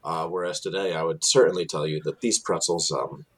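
A man's voice: deep voice, fairly even intonation, a little fast, a bit bright, breathy edge. A man from New Jersey with a New Jersey accent, a tour guide telling stories in a casual interview with lots of fillers and restarts. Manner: storytelling, frequent fillers and restarts.

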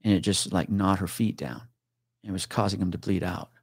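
A man's voice: low voice, fairly quick, husky, no room sound, studio quality. A man guest on a podcast, a retired police officer telling a story in casual talk, swearing freely and acting out what others said.

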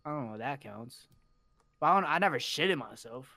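A man's voice: medium pitch, expressive, brisk, pushed and bright. A man co-hosting a podcast in casual banter, telling stories in a blunt, profane way. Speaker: podcast co-host.

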